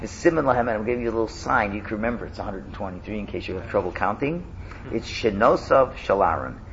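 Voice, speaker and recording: A man teaching a casual class, lively and animated, chanting loudly when he demonstrates. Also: lowish voice, fast, muffled recording, slight background noise.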